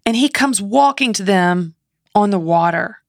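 Gravelly-voiced woman, impassioned storyteller. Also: medium pitch, expressive, a little slow, no echo, clean studio sound. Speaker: guest author and speaker. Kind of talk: faith podcast interview.

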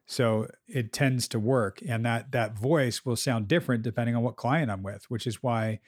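A man co-hosting a podcast as a therapist, talking candidly in a relaxed chat and acting out quotes from clients. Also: medium pitch, normal speed, dry recording, studio quality. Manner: candid, swears freely, acts out client quotes.

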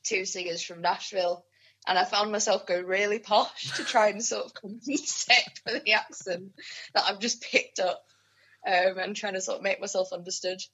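A woman from southern England with a southern accent mixed with northern English, a podcast guest and musician, chatting in a playful, giggly way with a husky voice. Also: mid-range voice, fairly even intonation, normal speed, a bit bright. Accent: southern English with picked-up northern English. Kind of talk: casual chat. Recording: dull lo-fi sound.

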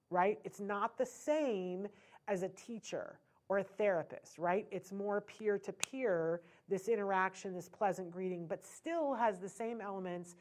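A middle-aged woman talking earnestly to parents, animated and full of restarts and fillers. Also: medium pitch. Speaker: parent educator speaking to parents. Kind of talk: informal talk to an audience.

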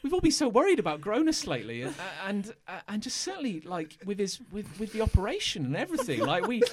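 A man's voice: high-pitched, wildly swooping pitch, quick pace, a crowd in the background, voice pushed up. A man voicing a flustered guard who stammers and frets. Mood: fretful. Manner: stammering, fretful. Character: flustered, gossipy male guard.

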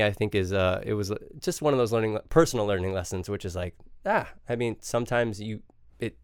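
A man telling a story as a podcast guest, relaxed and self-mocking, with ums along the way. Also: medium pitch, smooth, dry recording, studio quality. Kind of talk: casual chat.

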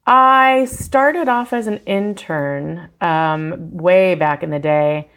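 Gravelly Midwestern American woman. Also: fairly low pitch, slow pace. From Fargo, USA. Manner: relaxed, self-deprecating, laughs easily. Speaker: casting director, guest. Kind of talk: interview answers.

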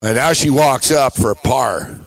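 A man co-hosting a casual sports talk show, telling a story with excited, laughing play-by-play. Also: medium pitch, unhurried, a little hiss or hum, rough recording. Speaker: sports radio co-host.

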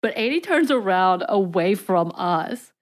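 A woman co-hosting a podcast, telling a story in casual chat with animated energy. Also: mid-range voice, a little slow. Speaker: podcast co-host.

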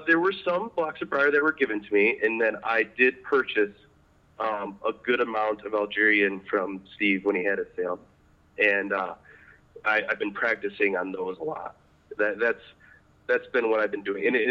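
A man chatting as a podcast guest, animated and laughing often as he tells his story. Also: on the low side, moderate pace, highs cut off. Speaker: podcast guest, apprentice pipe maker. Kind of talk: casual interview chat.

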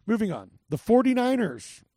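A man's voice: very high-pitched, sing-song, moderate pace, dark tone, dry recording, studio quality. A man hosting a podcast, rambling casually through game picks with lots of restarts and filler. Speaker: podcast host. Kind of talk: casual sports betting chat.

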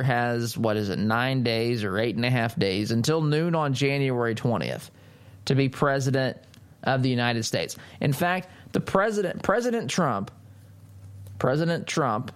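A man delivers a political commentary monologue as a talk show host. His pitch sits in the ordinary middle range. He talks emphatically, leans on sarcasm, and keeps turning to his listeners directly. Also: clear, resonant tone.

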